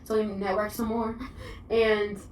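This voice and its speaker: A young woman with a Southern accent, a content creator telling her story in a chatty, excitable way, full of "like". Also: mid-range voice, unhurried, a little hiss or hum. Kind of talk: casual vlog storytelling. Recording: echoey, distant mic.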